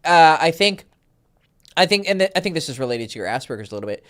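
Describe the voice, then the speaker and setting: Animated man coaching on a call. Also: a little high, fast talker. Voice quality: animated, swings between loud and soft, profane. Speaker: dating coach.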